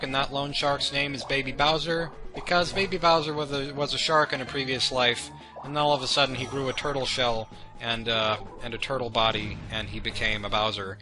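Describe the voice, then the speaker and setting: A young let's play commentator with a mid-range voice speaks briskly and flatly over gameplay, his commentary meandering and self-deprecating as it drifts into chatty tangents. Game music plays beneath his voice.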